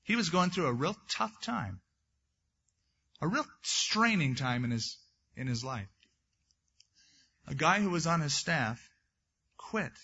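A man's voice: a little high, lively intonation, slow, pauses often, bright, forceful tone, husky, highs cut off. A man preaching a sermon as a pastor, reading scripture aloud and then breaking into conversational asides.

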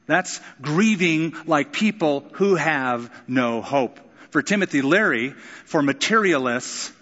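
A pastor preaching a sermon, vivid and expressive, acting out quotes with sudden jumps in pitch. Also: male voice, breathy edge, in a large hall, lo-fi sound.

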